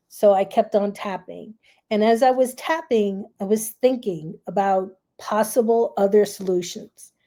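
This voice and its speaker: A woman coach calmly telling a personal story in a reflective, unhurried way. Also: mid-range voice. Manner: calm, reflective, acts out her own fearful self-talk. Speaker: grief relief coach and host.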